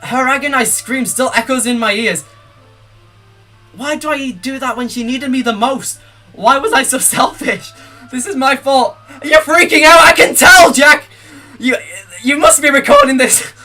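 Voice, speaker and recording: A young male streamer reads game text aloud in a bright, forward voice, then bursts into jittery, panicky rambling. Soft game music plays faintly behind him. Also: extremely high pitch, moderate pace. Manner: excitable, panicky outbursts and nervous rambling.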